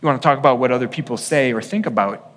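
A man preaching a sermon as a pastor, earnest and swinging between hushed passages and emphatic ones. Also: medium pitch, racing, in a large hall.

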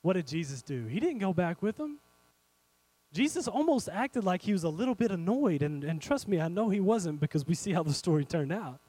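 A man preaching a sermon, animated and speaking straight to his congregation, swinging between loud and hushed. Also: high-pitched, a little fast, no echo, low-quality recording. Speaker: pastor.

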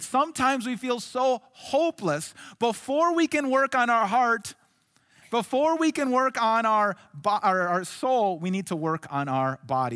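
High-voiced pastor in an echoing hall. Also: male voice. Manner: earnest, swings between soft hushed lines and raised emphatic ones. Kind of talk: sermon.

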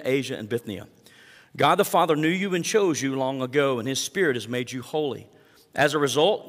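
Preaching man in a reverberant hall. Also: on the high side. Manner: preaching with emphatic rises and asides to the congregation. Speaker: pastor. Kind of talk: sermon.

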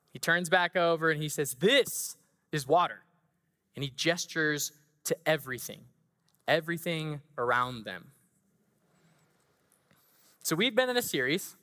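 Man, sermon, playful storyteller, bright voice, echoing church hall. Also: a little high. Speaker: preacher. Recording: long hall reverb.

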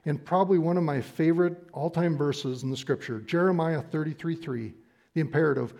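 Middle-aged male preacher, mellow tone, deliberate and emphatic sermon delivery. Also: fairly high pitch, gravelly. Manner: emphatic, deliberate, slows down on key phrases.

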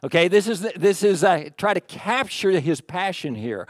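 A male pastor delivering a sermon in an easygoing, talkative manner, full of fillers and small laughs. His voice sits a little high for a man. The sound is dry and close, with no room echo. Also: lively intonation, moderate pace, few pauses. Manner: conversational with frequent fillers and laughs.

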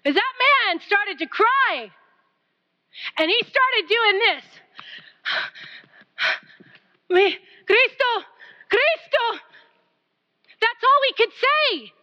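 Woman preacher, very high and bright, pleading sermon, dull lo-fi recording. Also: sing-song, slow pace. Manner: passionate, pleading, varies from loud to near whisper.

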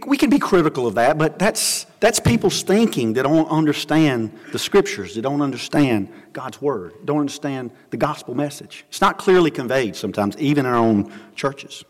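Earnest male preacher in a reverberant hall. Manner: earnest preaching, dropping low and soft for scripture and stories. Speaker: pastor. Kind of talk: sermon. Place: church sanctuary.

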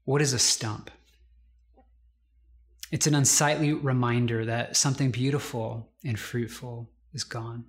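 A male pastor delivers an earnest, conversational sermon. His voice sits in a middle register, and he slows right down to weigh each quoted line. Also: mid-range voice, steady tone. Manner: earnest, conversational preaching with slowed, emphatic quotations.

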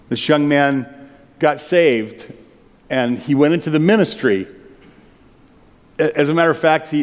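A man's voice: mid-range voice, darkish tone, long reverb tail. A male pastor preaching a conversational sermon. He breaks into sung hymn lines now and then.

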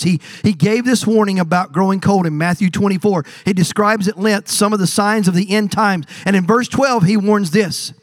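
A man's voice: high voice, no room sound. A pastor preaching a sermon to his church, building to emphatic surges and repeating words as he presses his points. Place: church sanctuary.

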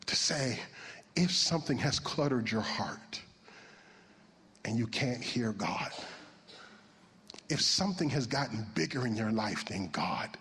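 A man preaching a sermon in an animated way, moving from hushed, almost whispered passages to loud, high shouts. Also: unhurried, pauses often, slightly rough, long reverb tail.

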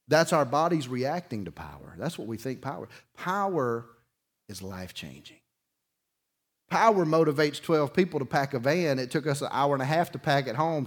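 Pastor guy telling a story in his sermon, folksy, gets loud then drops real quiet. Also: medium pitch. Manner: folksy storytelling, shifts between loud bursts and quiet emphasis.

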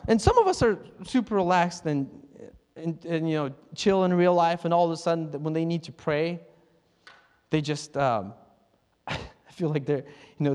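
High-voiced man preaching in a reverberant hall. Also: a little mellow. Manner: conversational, self-laughing, mimics others' prayers. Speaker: pastor. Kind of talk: sermon.

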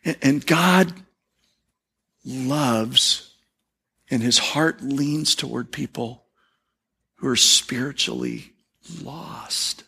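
A middle-aged male pastor preaching a sermon in a conversational storytelling way, dropping soft and low for emphasis. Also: big pitch swings, slow pace, vocal fry, long pauses, breathy edge.

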